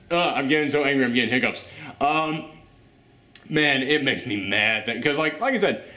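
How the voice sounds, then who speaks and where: A man's voice: medium pitch, animated, normal speed, sharp tone, echoey room. A man hosting a casual review chat, ranting in an exasperated way. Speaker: host.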